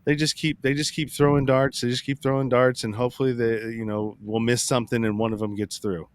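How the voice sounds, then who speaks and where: A man's voice: medium pitch, flat delivery, brisk, dry recording. A man hosting a casual political podcast chat, rambling with many restarts and retelling arguments. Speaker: podcast host.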